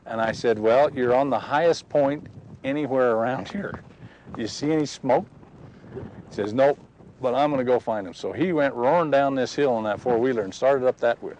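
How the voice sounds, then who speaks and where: A man telling a personal story in a folksy, animated way, recorded outdoors. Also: medium pitch, normal speed, lo-fi sound, a little hiss or hum. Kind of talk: personal testimony told outdoors.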